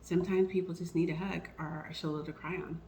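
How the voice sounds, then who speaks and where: A woman vlogging about encouragement and faith, telling personal stories and getting animated when she quotes herself. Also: lowish voice, fast, a little hiss or hum, rough recording. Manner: warm storytelling, animated when quoting herself.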